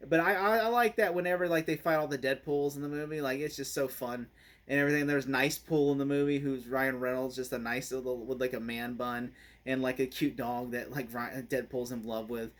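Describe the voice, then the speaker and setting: A man's voice: mid-range voice, steady tone, a little fast, a bit bright. A man giving a casual spoken movie review, rambling and laughing often.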